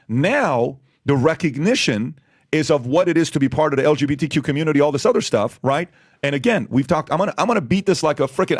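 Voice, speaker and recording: Fast-talking emphatic man with rhetorical questions. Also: fairly high pitch, dry recording, clean studio sound. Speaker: podcast host. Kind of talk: opinionated podcast talk.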